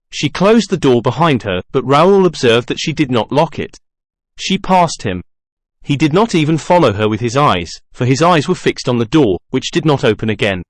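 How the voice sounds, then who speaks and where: A man reading a classic novel aloud as a narrator, in an even, measured way with little character acting. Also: mid-range voice, dry recording, studio quality. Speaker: audiobook narrator. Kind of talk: scripted narration.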